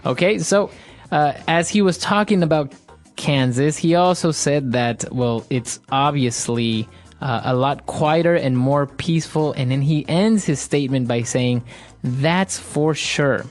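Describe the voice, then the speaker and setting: A man's voice: fairly high pitch, measured pace, soft background music. A man from Ecuador co-hosting an English lesson, affirming and explaining phrases. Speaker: co-host, English teacher.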